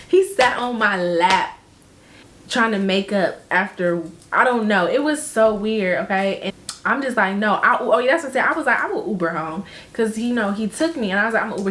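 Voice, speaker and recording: A young woman telling a story to her viewers in casual chat, animated and slangy, laughing often and acting out what people said. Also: medium pitch, reverberant, a little hiss or hum.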